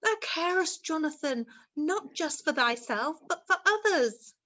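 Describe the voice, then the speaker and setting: Woman acting a high bright ghost mum, old-timey thee and thou talk, begging and earnest. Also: expressive, unhurried, heavily acted. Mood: pleading. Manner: archaic thee-and-thou speech, earnest and pleading. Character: pleading ghostly young mother, old-fashioned speech. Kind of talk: amateur stage drama.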